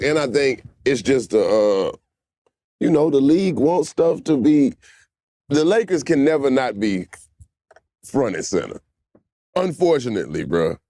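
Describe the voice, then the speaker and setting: A man's voice: medium pitch, normal speed, no echo, studio quality. Profane, riffing male comedy co-host. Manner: loose, profane, animated riffing.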